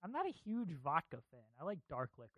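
A man's voice: high-pitched, wildly swooping pitch, fast, fairly bright tone, no echo. A man hosting a casual podcast chat, laid-back and laughing often. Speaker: podcast host.

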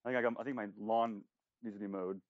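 A man chatting on a podcast at a rapid clip, joking and swearing freely. The sound is dull and lo-fi, with no room echo. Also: fairly low pitch, fairly even intonation. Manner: profane, joking, quick-talking. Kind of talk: casual chat.

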